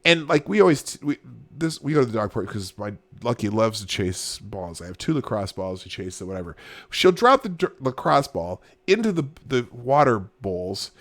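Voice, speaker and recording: A man's voice: mid-range voice, sing-song, normal speed, a bit bright, no room sound. A man hosting a casual live show, reacting to online posts with frequent exclamations and laughter. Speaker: host.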